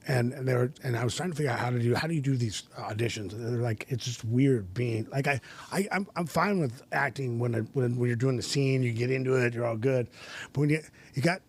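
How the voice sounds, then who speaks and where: A man's voice: medium pitch, fairly quick, slightly rough. Middle-aged guy on a podcast rambling thru a story, keeps restarting, laughs a lot. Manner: rambling, restarts often, laughs while telling stories. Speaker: podcast guest. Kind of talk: casual storytelling.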